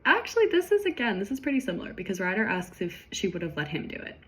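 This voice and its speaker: A woman's voice: mid-range voice, big pitch swings, quick pace. A woman casually recapping a story she wrote, chatty and self-deprecating, often trailing off mid-sentence. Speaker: podcast host recapping her own story.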